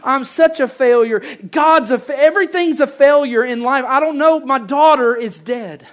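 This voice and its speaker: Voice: high voice, normal speed, lightly acted. A preacher acting out a distraught father who begs to be helped first, in an everyday voice. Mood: despairing. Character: distraught father pleading with Jesus.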